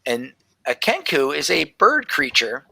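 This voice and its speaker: A man's voice: on the high side, wildly swooping pitch, unhurried, creaky, pushed and bright, slightly rough. A man narrating a tabletop game as game master, rambling with many asides. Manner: rambling, many fillers and restarts.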